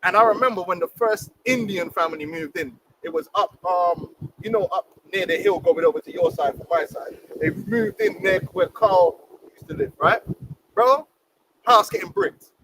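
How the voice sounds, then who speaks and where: Heated host, high and lively, gravelly, distant noisy mic. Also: male voice, moderate pace. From England. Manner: emphatic, preachy, uses street slang. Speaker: livestream host. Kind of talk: heated casual discussion.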